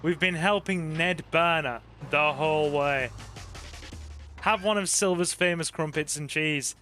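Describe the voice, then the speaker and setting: A man's voice: fairly high pitch, unhurried, bright, forceful tone, soft background music. A man giving casual let's-play commentary, chatty and joking, swearing casually and talking to his viewers. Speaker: gaming channel host.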